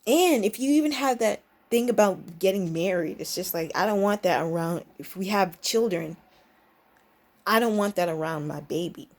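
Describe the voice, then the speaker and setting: This young woman vlogger's voice is animated and a little mellow, moving at normal speed as she tells a story in a loose, rambling way. Her sentences restart often, she interrupts herself, and she breaks into high squeaky impressions of people.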